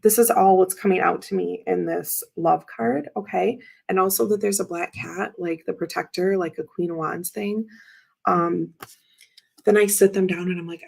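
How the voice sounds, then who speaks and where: Chatty gravelly-voiced woman. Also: on the low side, steady tone, moderate pace, darkish tone, poor audio. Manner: chatty and rambling, with many fillers and laughs. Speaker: tarot reader and livestream host. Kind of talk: casual chat while showing tarot cards.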